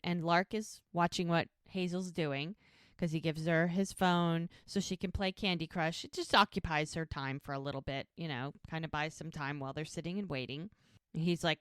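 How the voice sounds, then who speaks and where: A woman's voice: fairly low pitch, normal speed, no room sound, studio quality. A woman co-hosting a podcast, recapping a TV episode casually and retelling scenes through quoted dialogue. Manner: retells scenes by quoting characters. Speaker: podcast co-host.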